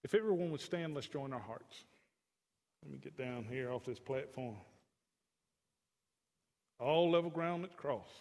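A man's voice: medium pitch, unhurried, long pauses, a little mellow, long reverb tail. A male pastor preaching a conversational sermon in a church, folksy, with chatty asides to the congregation. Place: church sanctuary.

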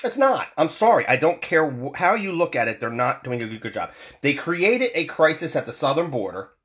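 A man's voice: on the high side, very animated, fairly quick, fairly bright tone. A man in his forties from the United States, ranting angrily and profanely as a vlogger, with heated repeated restarts. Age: 40s. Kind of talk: angry political rant.

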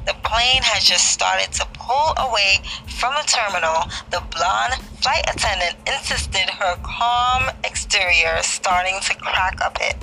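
A woman reading a memoir aloud in a lively storytelling way. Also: medium pitch, unhurried, gravelly, few pauses, soft background music, rough recording. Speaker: book reader.

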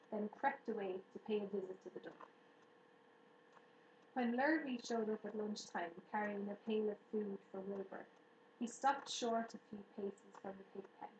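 A woman's voice: mid-range voice, lo-fi sound. Woman reading a storybook aloud. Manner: steady, even storytelling. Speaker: narrator. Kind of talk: audiobook reading. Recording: roomy room echo, faint hiss.

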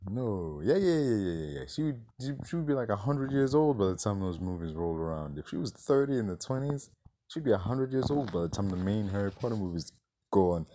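A man's voice: on the low side, sing-song, fairly quick, dark tone. A man reviewing a movie in a casual rant, exasperated, swearing and firing off rhetorical questions.

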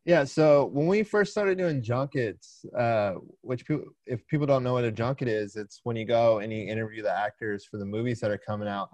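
A man co-hosts a podcast in easy, steady chat. His voice sits at a middle pitch. It is recorded dry and close, with no room sound. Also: normal speed, hardly any pauses, dry recording. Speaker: podcast co-host.

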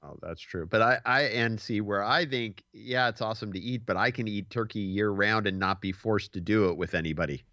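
A man's voice: on the low side, fairly quick, few pauses, dry recording, lo-fi sound. A man in his forties, a podcast host, telling a story in casual chat and acting out the quotes. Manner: animated storyteller, acts out quotes.

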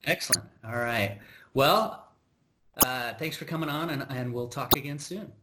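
Against a noisy background, an American man hosts a podcast and tells a work story with exasperation. Speaking at medium pitch and moderate pace, he rambles casually and conversationally, with many restarts and asides.

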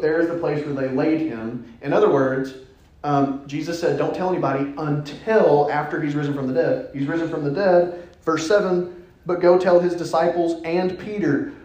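A man preaching a sermon in a church, playful and animated, dropping suddenly to a hush. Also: on the high side, normal speed, muffled recording. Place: church sanctuary. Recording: echoey church hall.

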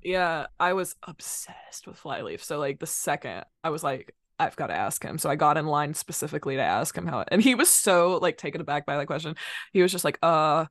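A young woman from North Carolina, a musician chatting as a podcast guest, animated and quick to laugh as she tells stories. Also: deep voice, no echo, clean studio sound. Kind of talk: casual podcast chat.

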